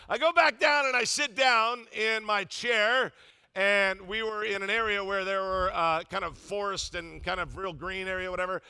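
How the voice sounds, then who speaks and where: An older man preaching a sermon as pastor, telling funny stories with loud, emphatic bursts. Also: sits high, clear, resonant tone. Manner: humorous storytelling, animated, loud emphatic bursts.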